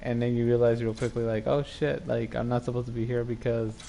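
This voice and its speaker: A man's voice: medium pitch, monotone, fast talker, gravelly, mellow, slight background noise. A man in casual chat, laid-back, with lots of "like" and "you know" in his talk. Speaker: friend chatting.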